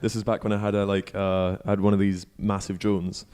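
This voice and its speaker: A young man with a fairly low voice co-hosts a relaxed podcast chat. He tells teasing anecdotes about his friend and laughs often. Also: brisk, clean tone. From British. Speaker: podcast co-host. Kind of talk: casual chat.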